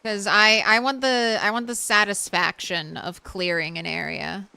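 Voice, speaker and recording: A young woman streamer chats with her viewers in a bright, forceful voice. She sounds smooth and crisp, and a little tired late at night. She often stops and restarts her sentences. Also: medium pitch, fairly even intonation, measured pace, no room sound. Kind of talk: casual live-stream chat with viewers.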